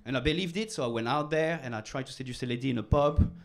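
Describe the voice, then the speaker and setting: A middle-aged man from France with a French accent, doing a stand-up comedy set in a halting, deadpan way with non-native phrasing. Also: mid-range voice. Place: comedy club stage.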